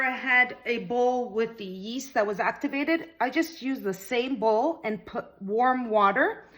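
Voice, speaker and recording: A woman hosting a home cooking lesson, chatty and explaining each step, a bit out of breath from kneading dough. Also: on the high side. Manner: chatty, talks viewers through each step. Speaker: cooking channel host. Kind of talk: casual cooking demonstration.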